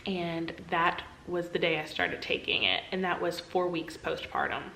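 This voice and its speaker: A young woman vlogger earnestly telling a personal story, confessional, acting out her own past words in a higher, pleading voice. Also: steady tone, moderate pace, sharp tone, echoey room, a little hiss or hum, rough recording.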